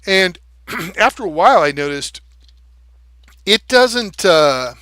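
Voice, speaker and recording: A man's voice: high voice, expressive, slow pace, bright, forceful tone, no echo. A man talking casually and animatedly on a livestream, swearing freely and tapping out rhythms with nonsense syllables. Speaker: live streamer.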